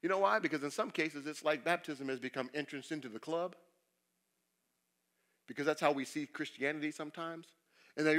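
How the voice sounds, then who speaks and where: Male pastor, sermon delivery, bright high-ish voice, rhetorical questions, big swings in loudness. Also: a little fast, pauses often. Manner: preaching with sweeping shifts between loud emphasis and quiet confession; asks the congregation rhetorical questions.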